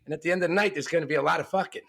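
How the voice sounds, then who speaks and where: A pushy neighbor leaning out his door with an invitation, as a man puts him on while telling a joke. The voice sits a little above his usual pitch. The delivery stays close to plain speech. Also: racing, gravelly, bright, forceful tone, exaggerated voice. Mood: coaxing.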